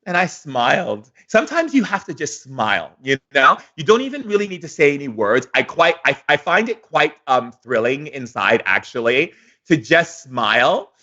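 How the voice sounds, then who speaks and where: A man giving a daily spiritual lesson as a shaman, speaking theatrically with slow pauses and acted-out dialogues. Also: on the high side, very animated, pushed and bright, lo-fi sound.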